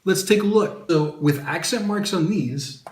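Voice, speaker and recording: A man's voice: high-pitched, measured pace. A man teaching a video lesson, with an upbeat manner and joking asides to the viewer. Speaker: Spanish teacher. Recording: roomy echo.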